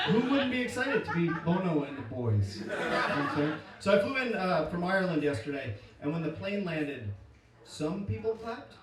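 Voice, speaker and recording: A man doing a playful, self-deprecating stand-up comedy set on stage, laughing often. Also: a little high. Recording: echoey live room from a distance, loud noise.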